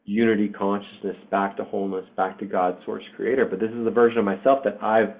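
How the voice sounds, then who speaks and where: A man's voice: on the low side, flat delivery, a little fast. A man in his forties hosting an online spiritual group, telling a personal story in a candid, emotional way with casual swearing and fillers. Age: 40s. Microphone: online video session. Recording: tinny phone-like call audio.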